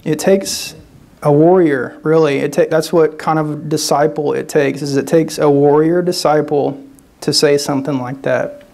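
Man, guest preacher, sermon, slightly high voice, conversational, frequent restarts. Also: fairly even intonation, normal speed, vocal fry, darkish tone. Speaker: guest speaker.

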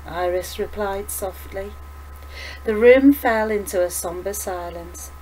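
Unhurried woman reading a storybook aloud. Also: on the low side, fairly even intonation, a little mellow, slight background noise, rough recording. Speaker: teacher. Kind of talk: reading a children's novel aloud.

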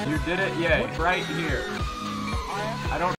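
A man's voice: fairly high pitch, takes it slowly. A man giving profane, exasperated gameplay commentary, breaking into sudden yelps and curses. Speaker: gaming streamer. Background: game music and keyboard clicks.

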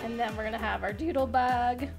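A woman's voice: on the high side, fairly quick, creaky, over loud music. A woman chatting with viewers on a crafting livestream, bubbly and giggly, often laughing as she talks. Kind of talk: casual crafting livestream chat.

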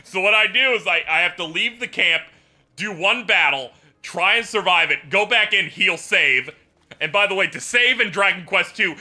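A man livestreaming and chatting casually about a game, telling it as an animated story with swearing and laughter. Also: high voice, normal speed. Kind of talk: casual gameplay chat.

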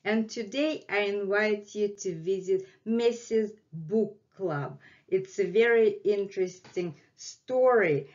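A woman whose first language is Russian, hosting a language lesson and slowly repeating words for learners. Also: lowish voice. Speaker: language teacher and channel host. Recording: dull lo-fi sound.

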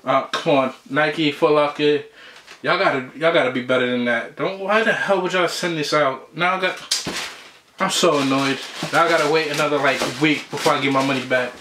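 A man's voice: a little high, moderate pace, bright, forceful tone, a little hiss or hum. Heated slangy man in a roomy room. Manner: heated, slangy, repeats himself. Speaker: sneaker vlogger. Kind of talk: casual unboxing rant.

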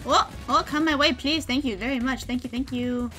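A young woman with a high, bright voice chats through her gameplay as she plays. She gets excited easily and often breaks into squeals and laughter. The tone is casual and unscripted. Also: brisk, soft background music. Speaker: gaming video host. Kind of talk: live gameplay commentary.

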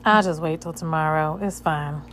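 A woman voicing a stubborn female caller who refuses to go to the emergency room, speaking loudly and insistently. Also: low-pitched, moderate pace, slight background noise, pitched below the performer's own voice. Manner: loud, insistent, dismissive.

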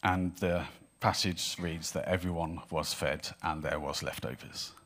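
A man preaching a sermon in church, telling a Bible story in an animated way and acting out the voices of the people in it. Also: low-pitched, unhurried. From Wales. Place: church hall with congregation.

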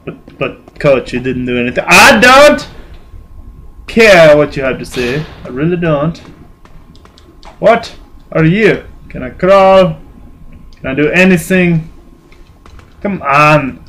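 Excitable young man swearing at a game. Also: fairly high pitch, slow, pauses often. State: irritable, in a bad mood. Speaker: gaming channel host. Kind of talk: casual let's-play commentary.

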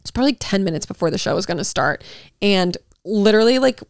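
A young woman co-hosting a podcast, telling a story in casual chat with lots of filler words and animated retelling. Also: medium pitch, quick pace, no room sound, clean studio sound. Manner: chatty, animated storytelling with many "like" fillers and laughs. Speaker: podcast co-host.

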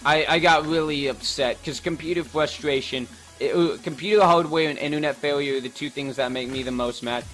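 A man's voice: fairly high pitch, a little fast, hardly any pauses, fairly bright tone, soft background music. A teenage boy casually talking over his gameplay, rambling with lots of fillers and restarts. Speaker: gaming channel host. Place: bedroom at home.

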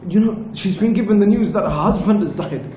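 A man giving a religious lesson at a retreat, telling stories in an earnest, measured way. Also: high-pitched, warm tone, slight background noise. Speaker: religious teacher. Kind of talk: storytelling lecture. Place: retreat lecture room. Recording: echoey room with faint ambience.

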